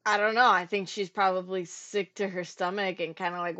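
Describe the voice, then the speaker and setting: A woman's voice: mid-range voice, fairly even intonation, a little fast, pushed and bright. A woman playing a tabletop game, speaking tentatively with many fillers. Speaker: player.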